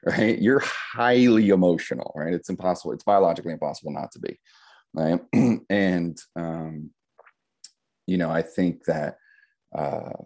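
A middle-aged man with a very low, deep voice talks in an easy podcast conversation. His tone is dark and mellow, and he explains his ideas reflectively, tagging his points with "right?". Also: measured pace, pauses often. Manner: reflective, explains with metaphors, frequent "right?" tags.

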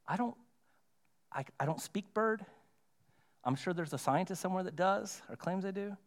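A pastor with a fairly high voice for a man preaches to his congregation. He talks conversationally, slows down and pauses for emphasis, and hammers his main points home by repeating them. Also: lively intonation. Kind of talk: sermon. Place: church sanctuary.

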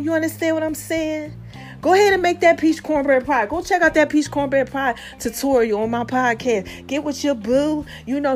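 A woman in her forties with a high voice, holding forth in a sassy, playful monologue for her podcast. She laughs easily and talks straight to her listeners. Faint music plays underneath. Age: 40s. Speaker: podcast host. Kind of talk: casual motivational monologue.

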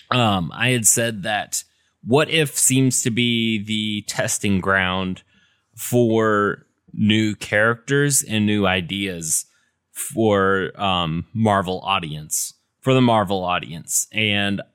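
A man co-hosts a casual review podcast, talking at an unhurried pace in a slightly low voice. He rambles and restarts his thoughts as he goes. The sound is dry and close, with almost no room. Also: fairly bright tone, clear, resonant tone, no room sound. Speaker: podcast co-host. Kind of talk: casual chat reviewing episodes.

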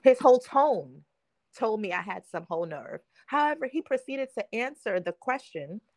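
A woman's voice: on the high side, expressive, moderate pace, darkish tone, no echo. A young adult woman hosting a podcast, telling a story in casual chat and acting out the quotes, laughing often. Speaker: podcast host.

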